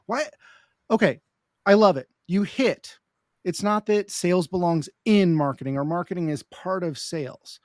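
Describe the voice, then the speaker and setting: A man's voice: a little high, expressive, moderate pace, dry recording, studio quality. A man hosting a casual podcast conversation, reacting emphatically and enthusiastically. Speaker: podcast host.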